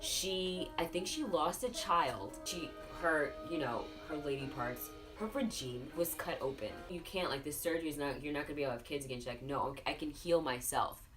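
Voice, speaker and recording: A woman with a notably low voice rambles through a tipsy film review, swearing freely and gossiping as she tells the story. Music plays clearly behind her. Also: expressive, fairly quick, hardly any pauses. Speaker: host. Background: music playing.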